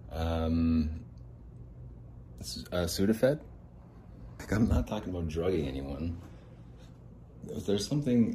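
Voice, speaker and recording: Low-pitched man, mellow dark tone, rambling jokey solo podcast, faint background hiss. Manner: joking, digressive, acts out little scenes. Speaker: podcast host.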